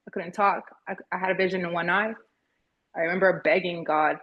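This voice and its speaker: A woman in her thirties telling a personal story as a podcast guest, halting and searching for words with frequent restarts. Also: on the low side, steady tone, fairly bright tone, dull audio. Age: 30s.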